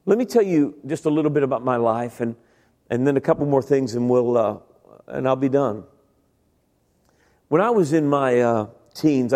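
A man's voice: mid-range voice, a little mellow, in a large hall. A middle-aged man preaching a humorous sermon, telling his story with stammering impressions and self-deprecating jokes. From Italian-American family. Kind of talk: humorous sermon with acted-out voices. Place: large church sanctuary.

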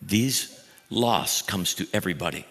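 A man preaching a sermon as pastor, animated and repeating words for emphasis. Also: deep voice, unhurried. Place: church sanctuary. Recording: long hall reverb.

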